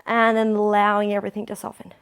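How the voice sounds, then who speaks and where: A woman's voice: medium pitch, completely flat delivery, fast, clear, resonant tone. A young woman leading a pilates workout, encouraging and counting down reps. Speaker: pilates instructor. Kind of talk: guided workout instruction.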